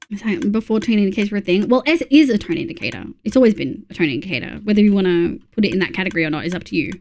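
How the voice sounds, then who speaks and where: A woman's voice: medium pitch, lively intonation, rapid-fire, few pauses, a little mellow. An Australian woman streaming, giving casual, rambling commentary while playing, with plenty of fillers and restarts.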